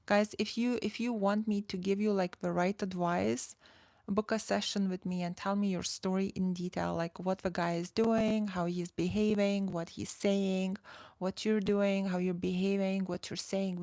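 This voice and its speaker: Female dating coach, forties, casual rambling delivery, slight fry, dry close sound. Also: medium pitch, flat delivery, moderate pace, darkish tone, dry recording. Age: 40s. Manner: chatty, full of "like" and restarts, reads chat aloud. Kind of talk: casual livestream chat.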